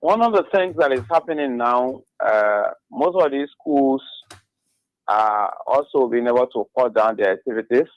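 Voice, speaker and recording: Male caller, mid pitch, dull lo-fi phone sound, measured. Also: expressive, dry recording. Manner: measured, prayerful.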